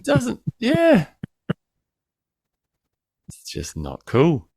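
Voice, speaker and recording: A man's voice: sits high, wildly swooping pitch, extremely slow, darkish tone, dry recording. A man co-hosting a podcast over a remote call, ranting crudely and joking in casual banter. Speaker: podcast co-host.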